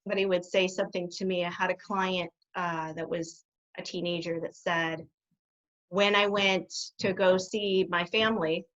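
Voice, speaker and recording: A middle-aged woman, a guest behaviour specialist, telling her stories in an animated way and laughing often. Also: lowish voice, normal speed. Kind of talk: conversational interview. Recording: dull lo-fi sound.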